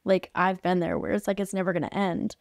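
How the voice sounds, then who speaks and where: Speaking a little fast, a woman podcast guest who is an art facilitator tells a story in a chatty, casual way full of "like" fillers. Her lowish voice is gravelly and sing-song, recorded in studio quality with no echo.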